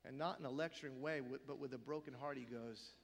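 A man preaching a sermon as pastor, swinging from loud emphatic peaks down to hushed, whispered quotes. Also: medium pitch, steady tone, fast talker, in a large hall.

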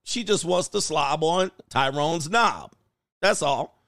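A man's voice: a little high, lively intonation, slow pace, fairly bright tone, dry recording, clean studio sound. A man hosting a reaction commentary show, talking in a crude, joking, mocking way.

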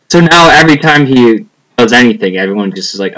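A man's voice: mid-range voice, expressive, fast, a crowd in the background, poor audio. A young man chatting casually as a podcast co-host, rambling and profane, trailing off with a lot of "like". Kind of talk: casual chat.

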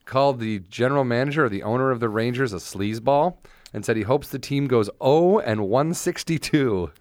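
A man's voice: medium pitch, brisk, no echo. A man co-hosting a podcast in casual chat, laughing often, swearing and acting out the voices of people he quotes. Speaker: podcast co-host.

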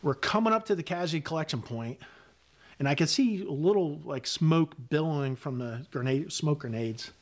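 A man's voice: on the high side, lively intonation, moderate pace. A middle-aged man, a retired Army sergeant major, recounting a combat story as a podcast guest in blunt, vivid words with frequent fillers and swearing.

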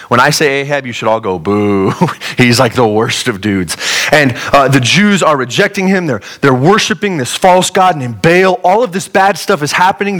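Lively joking man preaching a sermon. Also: on the high side, poor audio. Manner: lively, conversational, joking asides. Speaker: pastor.

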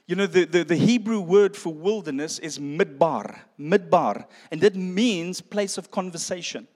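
Man, high voice, sermon testimony, storytelling, long reverb. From South Africa. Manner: storytelling, self-deprecating humor, addresses listeners as friends. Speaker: preacher.

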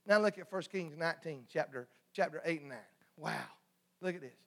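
A man's voice: a little high, fairly quick. A man preaching a sermon in a folksy, humorous call-and-response style.

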